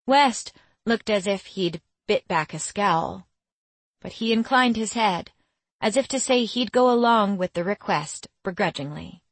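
A woman's voice: medium pitch, a little slow, fairly bright tone, dry recording. Woman narrating an audiobook, dry and close. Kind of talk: scripted first-person audiobook narration.

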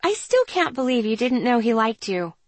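A woman's voice: on the high side, big pitch swings, normal speed, no room sound, pitched above the performer's own voice. Nosy, chatty teen girl with a raised, eager voice, as a woman narrator puts her on. Dry audiobook sound. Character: nosy teenage girl, a chatty best friend.

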